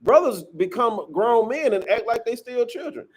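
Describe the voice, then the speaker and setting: A man's voice: very high-pitched, animated, moderate pace, noisy background. A man teaching scripture to a class in an emphatic, preachy way, often ending lines with "man".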